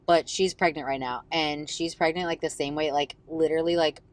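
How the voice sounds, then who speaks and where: Low-voiced woman, rambling podcast co-host. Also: fairly even intonation, a little fast. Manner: rambling, filler-heavy storytelling, swears freely. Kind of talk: casual chat.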